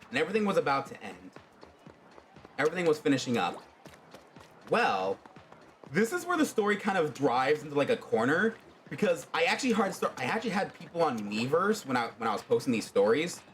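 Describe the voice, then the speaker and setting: Animated man telling a fan story. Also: mid-range voice, slight background noise. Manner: animated, rambling, many fillers. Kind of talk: casual spoken storytelling.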